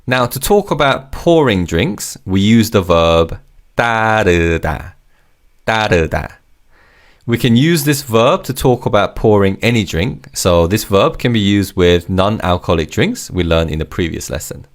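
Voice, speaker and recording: Man, language teacher, scripted lesson, low pitch, lively intonation, patient, says each word twice. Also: moderate pace.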